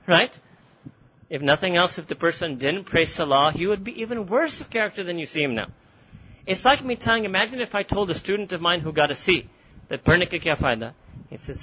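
Male Quran teacher, rapid, animated and laughing, high and bright voice, lo-fi lecture recording. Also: a little hiss or hum. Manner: animated, laughs often, switches between English and Urdu. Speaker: religious teacher.

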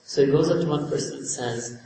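A man giving a storytelling sermon, animated, with rhetorical questions to his listeners. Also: a little high, fairly quick. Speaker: religious teacher. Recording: echoey hall, distant mic, background noise.

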